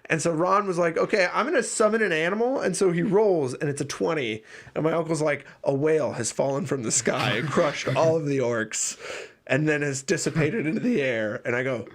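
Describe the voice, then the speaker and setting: A young man hosting a podcast, telling a rambling, animated game story with frequent laughs and swearing. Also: a little high, brisk. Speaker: podcast host. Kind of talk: casual storytelling chat.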